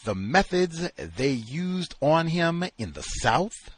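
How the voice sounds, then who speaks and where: A man reads out an outraged male animal trainer whose words come strained. The voice is husky and slow, heard dry and close. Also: a little high, very animated, no room sound, pitched above the performer's own voice, exaggerated voice. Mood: bitter.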